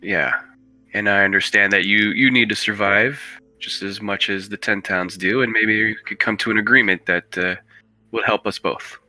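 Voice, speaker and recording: A man playing in a tabletop game, speaking hesitantly as he pitches a deal in character. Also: fairly even intonation, normal speed, pushed and bright, dry recording, soft background music. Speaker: player. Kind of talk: casual tabletop play.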